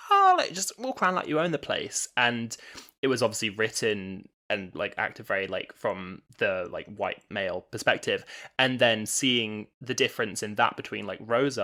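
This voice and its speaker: A man's voice: on the low side, a bit bright. A man in his twenties hosting a podcast, talking earnestly and thinking aloud in a casual way. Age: 20s. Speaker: podcast host.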